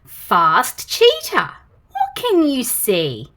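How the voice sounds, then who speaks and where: An Australian woman reading a picture book aloud to young children, slow and animated, with gasps of surprise. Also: high voice. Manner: animated, gasping, slow and exaggerated for toddlers. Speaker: storytime host reading picture books.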